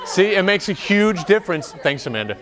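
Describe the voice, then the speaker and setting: A man's voice: high voice, big pitch swings, a little fast, crowd noise. A man coaching singers in an opera workshop rehearsal, chatty and joking, drifting into stories as he explains. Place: rehearsal room.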